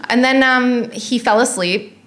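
A woman's voice: on the high side, measured pace, heavy background noise. Woman, comedian guest, casual chat, frank, candid storyteller, on a theatre stage.

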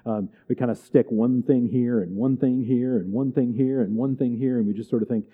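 A man's voice: medium pitch, moderate pace, slightly rough. A man teaching a church catechism class, conversational and digressive, often checking in with "right?" and "okay?". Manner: animated and emphatic, with chuckles. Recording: tinny, phone-like recording.

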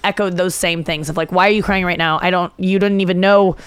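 A woman's voice: on the low side, fairly even intonation, brisk, smooth, no room sound. A young woman talking as a podcast guest, telling a candid story in casual chat and acting out the quoted lines. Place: indoor studio room.

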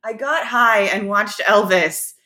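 A woman in her thirties with a bright, mid-pitched voice co-hosts a casual podcast. She jokes quickly and laughs easily, sounding lively and engaged. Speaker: podcast co-host. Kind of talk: casual chat.

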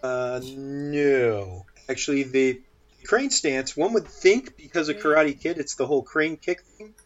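A man playing a tabletop game, calmly explaining his character's moves. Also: mid-range voice, unhurried, highs cut off. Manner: explanatory, matter-of-fact. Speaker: player. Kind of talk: casual tabletop play.

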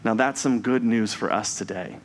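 Man preaching a measured sermon. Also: lowish voice, slight background noise. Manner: measured, reflective delivery with slow emphatic phrases.

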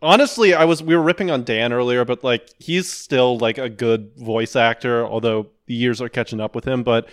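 A man's voice: mid-range voice, moderate pace, hardly any pauses, dry recording, studio quality. A man co-hosting a comedy podcast, joking, agreeable and often laughing in casual banter. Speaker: podcast co-host, debater.

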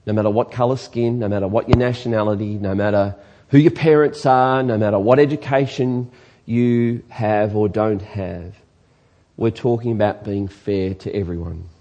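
A man's voice: lowish voice, steady tone, normal speed, warm tone, dull audio. A man with an Australian accent, preaching a sermon earnestly and emphatically, asking his congregation rhetorical questions. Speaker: pastor.

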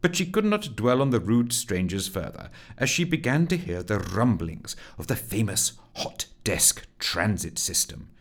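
A man narrating a comic story as an audiobook, with expressive storytelling. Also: medium pitch.

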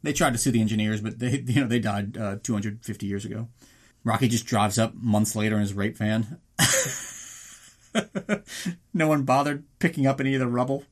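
A podcast host with a lowish voice, talking a little fast, recaps a film casually. He's profane and sarcastic, often slipping into silly voices.

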